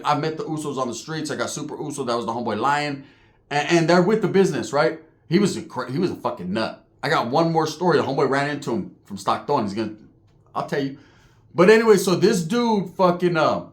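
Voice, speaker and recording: A man telling prison stories in a casual monologue, animated and profane, heavy on street slang, acting out the people he describes. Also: on the high side. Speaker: storyteller recounting prison life.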